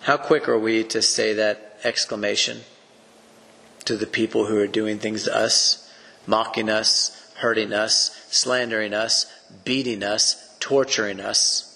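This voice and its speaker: A man's voice: fairly low pitch, little pitch movement, a little slow, creaky, sharp tone, in a large hall. A man teaching through a Bible passage on a podcast. He speaks earnestly in a preacherly way and poses rhetorical questions.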